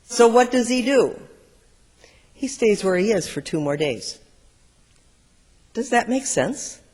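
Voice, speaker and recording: Middle-aged pastor preaching in a big church. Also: male voice, high voice, expressive, slow. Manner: storytelling, shifting between loud and soft. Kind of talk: sermon. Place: large church sanctuary. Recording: long church reverb.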